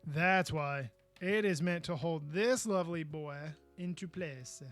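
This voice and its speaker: Soft music plays behind a man whose voice sits on the high side and moves a little slowly. Hosting a live podcast, he chats casually and goofily while building, breaking into frustrated exclamations in a relaxed live-stream manner.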